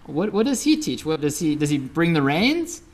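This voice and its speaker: The storyteller voices an angry, wild mountain ascetic man who shouts threats while telling a Buddhist story. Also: medium pitch, big pitch swings, moderate pace. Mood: demanding.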